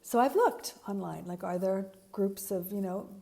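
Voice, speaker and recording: A woman's voice: mid-range voice, normal speed, gravelly, dark tone. A woman giving an earnest, reflective spiritual talk, searching for words with frequent fillers and restarts. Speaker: spiritual teacher.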